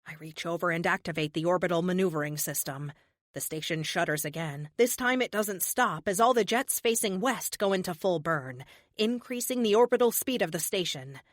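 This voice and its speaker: A woman giving brisk, steady first-person narration of an audiobook. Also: fairly low pitch, dry recording, clean studio sound.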